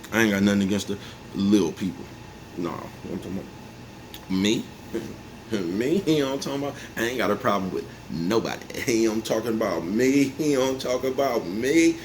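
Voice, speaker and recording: With a fairly low, expressive voice, a vlogger in his forties talks at normal speed but leaves long pauses. Relaxed and rambling, he chuckles frequently and keeps checking in with viewers by repeating "you know what I'm talking about." Faint noise sits in the background.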